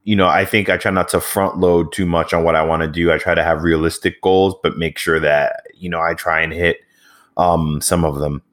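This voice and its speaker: Man, very deep voice, interviewer, conversational, rambling, lots of fillers. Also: moderate pace. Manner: relaxed, rambling, many fillers.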